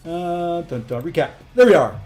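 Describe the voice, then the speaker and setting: A man streaming a mobile game, chatting casually with viewers and often filling pauses with ums. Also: a little high, expressive, darkish tone, soft background music. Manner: chatty, frequent ums and restarts. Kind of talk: casual livestream commentary.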